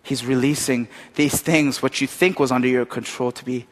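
A pastor giving a sermon in a storytelling way, animated, with many fillers. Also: male voice, mid-range voice, normal speed. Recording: long hall reverb.

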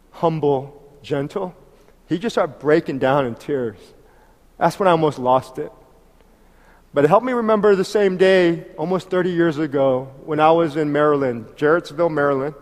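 Brief: male pastor, 50s, emotional sermon delivery, slightly higher voice, long church-hall reverb. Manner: emotional, swinging from loud exhortation to soft intimacy.

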